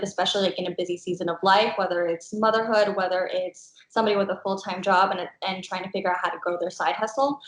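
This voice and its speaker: A woman's voice: medium pitch, roomy sound, poor audio. A woman, a productivity coach, earnestly describing her ideal client as a podcast guest. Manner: earnest, listing ideas in a flow. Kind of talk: casual interview.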